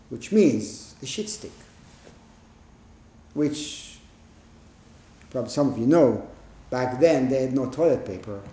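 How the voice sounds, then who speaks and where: A man gives a Zen dharma talk in a meditation hall, plain-spoken and emphatic, with rhetorical questions. His voice sits a little high and mellow. The room adds a clear echo. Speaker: Zen teacher.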